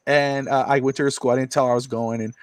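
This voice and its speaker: A middle-aged man co-hosting a podcast, rambling through family stories and mimicking others in high voices. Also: level tone, fast, clean tone, dry recording. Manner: rambling storyteller, acts out quotes in high voices. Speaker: podcast co-host. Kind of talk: casual chat. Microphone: streamed podcast mic.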